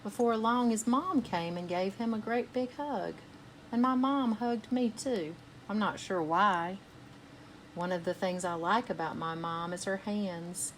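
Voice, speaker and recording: A woman reading a picture book aloud for children's storytime, pausing to ask her young listeners gentle questions. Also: mid-range voice, a little hiss or hum. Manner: gentle, asks listeners questions between passages.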